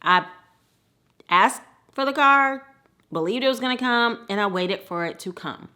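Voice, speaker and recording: Woman from the Midwest, storyteller, bright and lively, laughs often. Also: a little high, a little slow. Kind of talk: personal storytelling.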